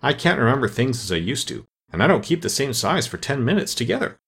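A polite, earnest little girl, curious and coaxing, in a storybook reading, as a man raises his gravelly voice to play her. She sounds husky and lifts her pitch with lively swings. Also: fast, full character voice.

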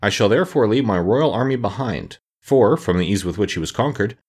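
A man voicing a calm, whimsical straw scarecrow king in a storybook reading, with an unhurried, mildly lofty manner. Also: lowish voice, slightly rough. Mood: calm, musing. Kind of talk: audiobook character reading.

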